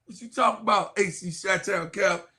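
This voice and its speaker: A man hosting a sports live stream in casual chat, loudly trash-talking and teasing his viewers, congested and coughing with a cold. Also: high voice, fairly quick, breathy edge. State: stuffed nose, coughing from a cold.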